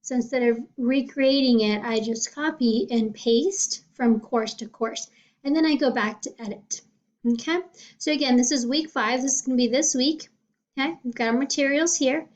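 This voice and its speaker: Higher-voiced woman teacher, lo-fi sound. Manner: chatty, checks in with "okay?". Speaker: cosmetology teacher. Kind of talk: casual screen walkthrough. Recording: dull lo-fi sound.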